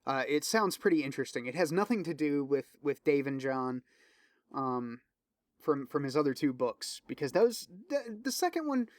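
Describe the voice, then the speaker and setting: A man's voice: a little high, very animated, moderate pace, no room sound, clean studio sound. A man hosting his own podcast, rambling casually with lots of swearing and fillers while eagerly recommending things. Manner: loose, profane, filler-heavy rambling with restarts; enthusiastic recommending. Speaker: podcast host. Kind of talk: casual solo podcast chat.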